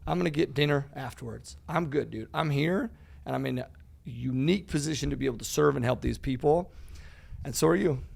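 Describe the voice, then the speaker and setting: A real estate educator guesting on a podcast tells stories animatedly, acting out conversations, saying "dude" a lot and swearing freely. His mid-range voice is gravelly and a little fast.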